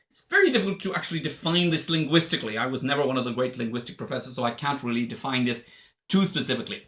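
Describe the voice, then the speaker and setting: A man's voice: mid-range voice, expressive, fairly quick, sharp tone. A man with an Irish accent giving a chatty spoken lesson and explaining things as he goes. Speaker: English teacher. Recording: echoey room.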